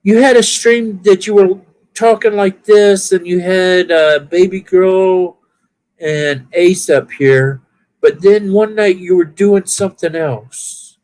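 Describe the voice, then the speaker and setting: Older man, Southern-Californian mixed accent, slow rambling chatter, easygoing. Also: sits high, darkish tone. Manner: rambling, self-correcting, easygoing. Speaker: viewer chatting on a live stream. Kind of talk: casual chat.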